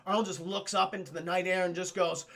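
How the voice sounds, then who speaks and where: Brief: male streamer, high voice, animated and profane, talking to chat. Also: quick pace. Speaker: streamer and film reviewer. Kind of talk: casual livestream film recap.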